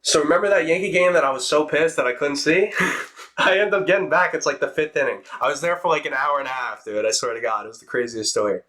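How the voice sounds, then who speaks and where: Young guy, casual storytime, animated and profane, crisp bright voice. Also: a little high. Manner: fast, animated, swearing, acts out quotes. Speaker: streamer telling a story.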